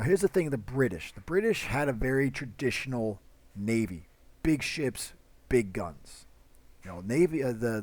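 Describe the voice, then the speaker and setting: A man's voice: mid-range voice, a little mellow. A young man lecturing on history in an easy, conversational voice. He talks off the cuff with plenty of fillers and restarts, slipping into short acted-out quotes to make his points. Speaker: history teacher. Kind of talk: casual classroom lecture.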